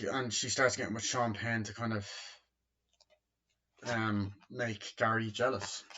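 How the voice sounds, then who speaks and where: Rambling low-voiced man reviewing a film. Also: bright, forceful tone. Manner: rambling, many fillers and swearing. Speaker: movie reviewer. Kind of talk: casual spoken film review. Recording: dull lo-fi recording.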